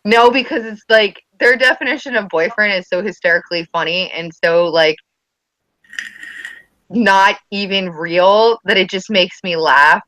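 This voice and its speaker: A woman's voice: mid-range voice, a little slow, no echo, rough recording. A woman, a mother of schoolchildren, chatting casually on a podcast and acting out quotes as she tells stories. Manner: chatty, animated storytelling with acted-out quotes. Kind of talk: casual chat.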